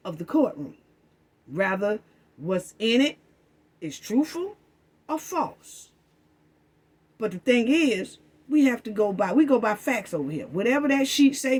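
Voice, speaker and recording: A woman's voice: a little high, darkish tone. Woman host, heated casual commentary, repeats herself, calls viewers family. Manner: fired-up, repetitive, addresses audience as family.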